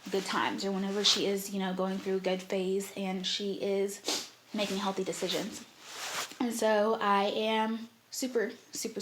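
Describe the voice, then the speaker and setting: A woman's voice: medium pitch, fairly bright tone, slight background noise. A young woman vlogger telling a personal story in a candid, heartfelt way, with many fillers.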